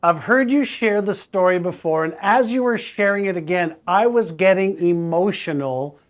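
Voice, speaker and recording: A man's voice: high-pitched, moderate pace. A man hosting an interview, talking in a reflective, emphatic way and repeating key points. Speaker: host. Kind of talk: casual interview chat.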